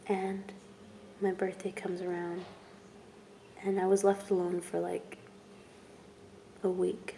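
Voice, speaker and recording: A young woman speaking to camera in a low, flat, mellow voice. She talks haltingly, pausing often and letting words fall to a whisper. The delivery stays subdued throughout. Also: gravelly, a little hiss or hum. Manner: halting and soft, with long pauses and trailing whispers. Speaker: vlogger. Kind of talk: personal testimony vlog.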